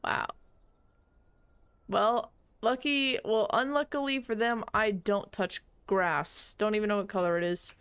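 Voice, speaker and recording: A woman's voice: mid-range voice, fairly even intonation, measured pace, fairly bright tone, clear, resonant tone, no echo. A young woman streamer chatting casually while playing a game, reading on-screen text aloud and bursting into laughing shrieks. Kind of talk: casual gameplay commentary.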